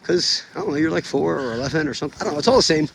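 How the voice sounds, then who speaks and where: Family vlogger dad, chatty and upbeat, outdoor camera audio with faint noise, voice a bit high. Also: male voice, racing, creaky. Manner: upbeat, chatty, laughs often. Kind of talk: casual vlog chat. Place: outdoors in snowy yard.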